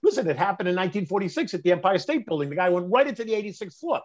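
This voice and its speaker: A middle-aged man, telling a personal story in conversation, animated and emphatic, often restarting mid-phrase. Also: high-pitched, very fast. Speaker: interview guest recounting a personal story. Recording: dull lo-fi sound.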